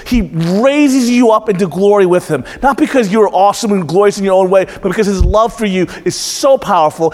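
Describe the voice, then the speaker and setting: A man with a slightly high voice preaches a lively, interactive sermon. He keeps asking the room for answers and repeats them back with emphasis. His voice rings out with a long echo, as if in a large church hall. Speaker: pastor.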